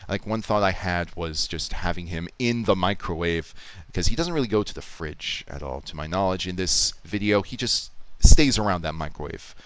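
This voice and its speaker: Deep-voiced man rambling through a live edit. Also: moderate pace, smooth. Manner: rambling, explanatory, thinking aloud with restarts. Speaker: YouTube Poop editor streaming. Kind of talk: casual live-stream commentary, teaching.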